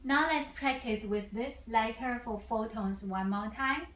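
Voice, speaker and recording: A woman's voice: a little high, measured pace, a bit bright. A woman teaching a Mandarin lesson patiently, repeating each sound twice in simple English. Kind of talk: slow language lesson. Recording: echoey room.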